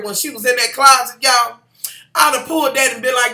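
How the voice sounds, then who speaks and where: A vlogger recapping a TV episode in a sassy, profane, animated rant. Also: medium pitch, a little fast. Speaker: TV show reviewer. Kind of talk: casual ranting recap. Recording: echoey room.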